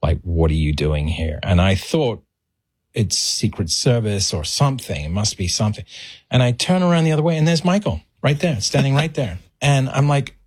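A middle-aged man telling an animated anecdote on a podcast and acting out the voices in his story. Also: medium pitch, moderate pace, slightly rough, no room sound, clean studio sound.

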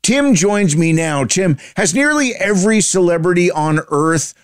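Slow, smooth-voiced male radio host. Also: sits high, animated, no echo, studio quality. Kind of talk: radio show introduction and interview.

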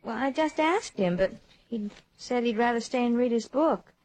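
A woman playing a gentle, caring young stepmother in a 1940s radio drama, speaking softly and earnestly. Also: a little high, expressive, normal speed, lightly acted, rough recording. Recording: old radio transcription.

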